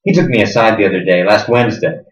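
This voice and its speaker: In a stage drama, a male actor with a low-ish voice plays a smug, sadistic middle-aged interrogator. Fast-talking and animated in a natural voice, he sneers menacingly, swinging from hushed threats to sudden loud bursts. The recording sounds roomy and dull.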